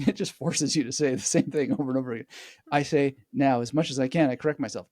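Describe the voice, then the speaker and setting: A man of medium pitch appears as a guest memory expert in a conversational interview, talking fast. He's animated and digressive, laughing often as he explains things. The recording is dry, with clean studio sound.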